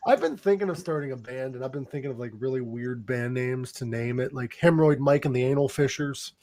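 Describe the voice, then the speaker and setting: A man's voice: mid-range voice, a little fast, mellow. A man hosting a podcast in crude, casual chat, joking with profanity and breaking into laughter. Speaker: podcast host.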